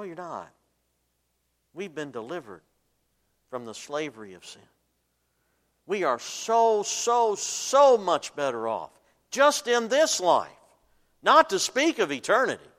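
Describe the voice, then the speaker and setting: Animated preacher in a reverberant hall. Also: male voice, a little high. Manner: animated, rising to loud emphasis and dropping to soft asides; asks the congregation fill-in questions. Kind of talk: sermon.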